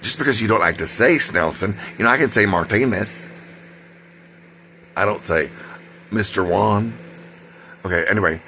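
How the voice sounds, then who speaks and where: A man's voice: lowish voice, normal speed, long pauses, sharp tone, a little hiss or hum. A man telling a personal story in a casual, rambling way, full of fillers and side remarks. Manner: rambling, digressive, many fillers and asides.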